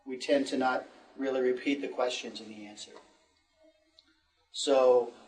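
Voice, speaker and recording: A man's voice: medium pitch, fairly even intonation, measured pace, a little mellow, far from the mic, soft background music, rough recording. A middle-aged American man teaching an English lesson, patiently repeating phrases for the learners. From United States. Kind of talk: classroom lesson.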